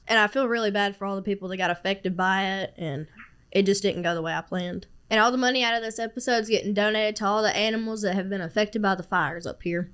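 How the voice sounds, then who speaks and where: A young woman, hosting a casual podcast, soft-spoken and giggly with a nervous edge. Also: medium pitch, quick pace, clean tone. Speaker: podcast host.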